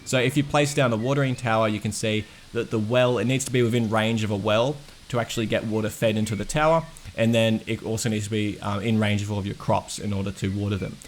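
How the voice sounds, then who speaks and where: A man's voice: lowish voice, steady tone, fast talker, few pauses, slight background noise. A game developer, a man, casually walking through his progress in a dev diary, rambling and enthusiastic with lots of fillers.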